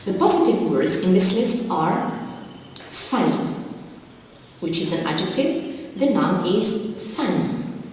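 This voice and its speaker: A woman's voice: on the low side, expressive, slow pace, long pauses, darkish tone, a little hiss or hum. Female teacher reading a vocabulary lesson unhurriedly, recorded far off in a very echoey room. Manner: carefully spelling out word forms. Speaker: English teacher. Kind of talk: slow deliberate classroom explanation.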